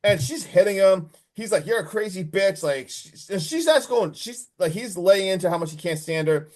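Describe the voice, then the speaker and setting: A man casually recapping a horror movie on a podcast, animated and full of swearing, acting out the characters' lines. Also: high voice, normal speed. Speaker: podcast co-host.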